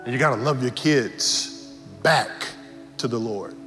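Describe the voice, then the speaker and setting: A male pastor preaching a sermon in a church, animated and humorous, repeating key lines for effect. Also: medium pitch, a little slow. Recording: reverberant hall with faint music.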